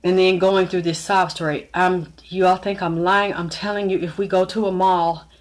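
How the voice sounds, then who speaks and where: A woman's voice: lowish voice, level tone, moderate pace. A middle-aged woman vlogger telling a personal story to her viewers, blunt and frank, talking straight to them. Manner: blunt, frank, acts out others' lines in shifted voices.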